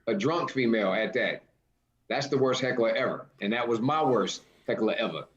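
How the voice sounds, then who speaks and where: A man's voice: medium pitch, normal speed, muffled recording. A man, a stand-up comedian, casually recounting a story about a heckler. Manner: lively, acts out other people's lines. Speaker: comedian co-host.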